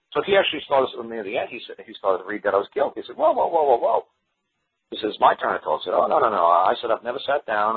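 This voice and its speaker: This storytelling monologue comes from a man whose voice is very low and husky, and he talks quickly while quoting courtroom exchanges from both parties in lively back-and-forth. Phrases get repeated and restarted often, and the sound is tinny and thin, like a phone call heard over radio.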